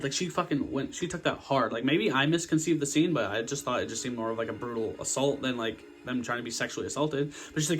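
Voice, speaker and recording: A young man hosting a casual movie review vlog, slangy, energetic and profane. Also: on the high side, brisk, soft background music. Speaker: host of a movie review channel.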